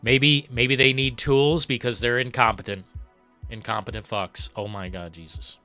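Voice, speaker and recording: A man hosting a live gaming stream, ranting with profanity, swinging from low muttering to loud outbursts. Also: steady tone, moderate pace. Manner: reads chat messages aloud. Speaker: livestream host. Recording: faint background music.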